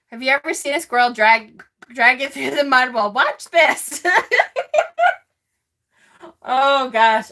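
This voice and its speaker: A woman's voice: high voice, sharp tone. A woman hosting a casual tarot live stream, chatty and snarky, laughing often. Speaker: tarot channel host.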